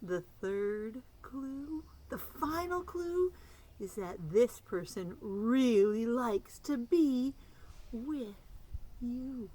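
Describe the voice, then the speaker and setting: A young woman reading a picture book aloud to preschoolers, animated and sing-song, stretching words out slowly and dropping into soft whispers. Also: fairly high pitch, low-quality recording. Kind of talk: children's read-aloud.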